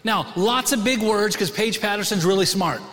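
A middle-aged man preaching a sermon to his congregation in a church, conversational and animated, often asking the room questions. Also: sits high, moderate pace. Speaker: pastor. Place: church sanctuary. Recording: long hall reverb.

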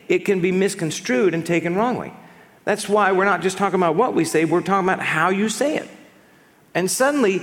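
Man, pastor, sermon, lively rising and falling pitch, conversational with humor, long church reverb. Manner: animated, conversational preaching with humor. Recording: long reverb of a large hall.

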